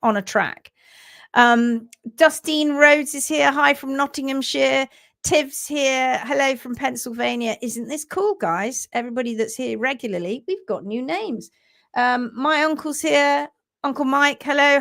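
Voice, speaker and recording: A woman's voice: high-pitched, measured pace, gravelly, fairly bright tone. A woman hosting a live stream, greeting viewers by name and reading their comments aloud in an earnest, sympathetic way. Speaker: live stream host, hoof trimming teacher. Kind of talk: casual live stream chat.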